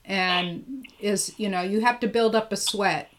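A woman's voice: mid-range voice, steady tone, unhurried, fairly bright tone. A woman hosting a casual live interview, chatty and enthusiastic, often laughing. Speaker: host.

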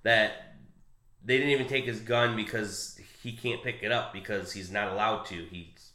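A man chatting casually about a comic, rambling and halting with fillers and restarts. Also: lowish voice, fairly even intonation, bright, forceful tone, roomy sound. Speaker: co-host discussing a comic. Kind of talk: casual chat.

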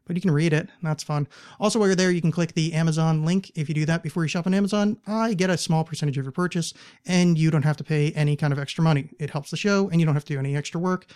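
A man's voice: on the high side, fairly even intonation, rapid-fire, few pauses, darkish tone, clean tone. A man hosting his podcast, rambling through plugs and announcements with jokey asides. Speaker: podcast host. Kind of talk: casual podcast intro with plugs. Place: Portland, Oregon.

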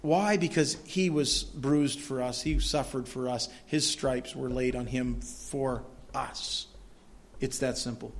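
A man preaching a sermon as pastor of a church, earnest and swelling loud when he reads scripture. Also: medium pitch, steady tone, slow.

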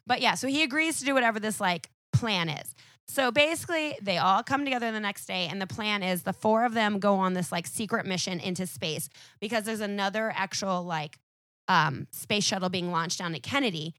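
A woman's voice: medium pitch, fairly quick, fairly bright tone, no echo, clean studio sound. A young woman guesting on a podcast, chatting casually in a rambling, laughing way full of "like". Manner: rambling, laughing, sprinkled with "like" and swearing.

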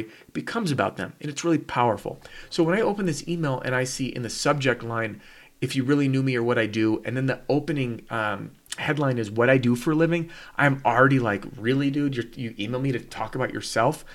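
A man's voice: medium pitch, fast. A man hosting a podcast and teaching with casual, emphatic talk, often asking rhetorical questions and adding "right?". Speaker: podcast host and copywriter.

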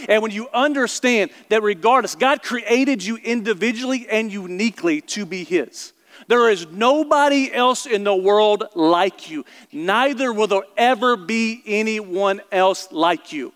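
High-voiced Southern preacher in a reverberant hall. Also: male voice, a bit bright. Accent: Southern American. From American South. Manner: earnest preaching with slow emphatic stresses. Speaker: pastor. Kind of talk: sermon. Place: church.

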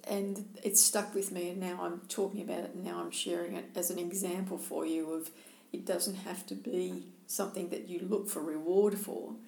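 A woman's voice: lowish voice, flat delivery, moderate pace, gravelly, a little mellow. A woman co-hosting a casual chat, telling a personal story candidly and with self-deprecation. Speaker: co-host. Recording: roomy echo.

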